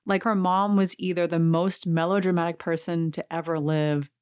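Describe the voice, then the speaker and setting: A chatty woman hosts a casual recap podcast, talking in a slightly low voice with a giggly, playful manner. Her voice sits close and dry, with no room sound around it. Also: no echo. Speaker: podcast host. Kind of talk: casual reality-TV recap commentary.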